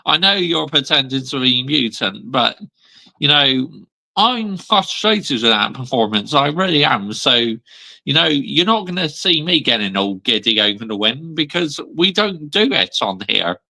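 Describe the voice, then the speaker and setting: Brief: male vlogger, bright gravelly voice, slow and lively, blunt emphatic rant. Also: medium pitch, low-quality recording. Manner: blunt, emphatic, repeats "yeah?" and "mate". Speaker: football channel host. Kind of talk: ranting fan vlog.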